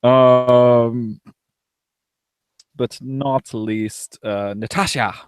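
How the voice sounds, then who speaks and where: A young man co-hosts a loose, live podcast, reading listener mail with frequent laughter and the odd curse. His voice sits at a middle pitch, and the recording is dry and close. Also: steady tone, extremely slow, smooth, no echo. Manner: laughs often, swears casually, reads emails aloud. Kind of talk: casual live podcast chat.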